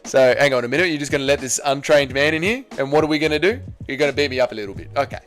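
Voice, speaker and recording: A man's voice: medium pitch, expressive, rapid-fire, fairly bright tone, soft background music, natural voice. A man doing an impression of a blokey, flustered male fighter.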